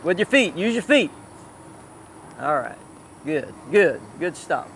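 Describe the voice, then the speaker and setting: High-voiced man coaching a rider. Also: very animated, slow, a bit bright, a little hiss or hum. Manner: calls out short repeated commands. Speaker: cutting horse trainer. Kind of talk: live riding coaching. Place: outdoor riding arena.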